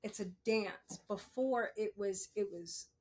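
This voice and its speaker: A woman's voice: mid-range voice, slow, darkish tone, breathy edge. A woman in her forties hosting a podcast, talking casually and candidly, often laughing and correcting herself. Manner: chatty, laughs often, self-correcting asides. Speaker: podcast host. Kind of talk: casual monologue.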